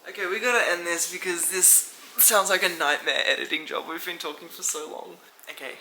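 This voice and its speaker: A woman's voice: lowish voice, brisk, sharp tone, reverberant, a little hiss or hum, poor audio. A young woman, chatting casually and teasingly in a vlog Q&A at home. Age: young adult. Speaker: vlogger. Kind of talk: casual Q&A chat. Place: room at home, at night.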